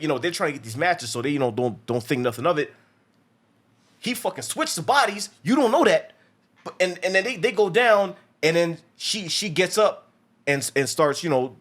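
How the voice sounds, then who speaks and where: A man's voice: on the high side, a bit bright. A man hosting a movie review show, casually recapping a film with lots of restarts and profanity. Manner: rambling, many restarts, acts out quotes. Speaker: movie review podcast host.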